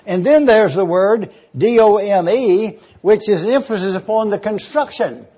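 A man's voice: high voice, moderate pace, mellow, breathy edge, muffled recording. A man preaching a sermon, eagerly teaching word meanings and spelling terms out letter by letter. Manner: enthusiastic teaching.

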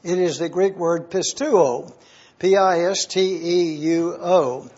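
Husky-voiced man teaching a Bible lesson. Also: sits high, a little mellow, muffled recording. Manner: measured, spells out Greek words letter by letter. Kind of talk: Bible study lecture with opening prayer.

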